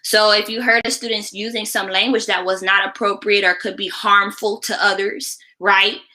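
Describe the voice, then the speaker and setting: A woman's voice: mid-range voice, flat delivery, moderate pace, sharp tone, poor audio. A woman teacher explaining classroom practice in an instructional video, often checking in with the listener by asking "right?". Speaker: teacher and education creator.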